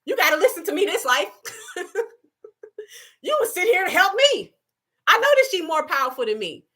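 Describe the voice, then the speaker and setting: A woman hosting a spiritual live stream, speaking in an impassioned monologue with emphatic, repetitive, preacher-like phrasing and gentle asides. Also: very high-pitched, big pitch swings, moderate pace. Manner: shifts into soft, gentle asides to her child.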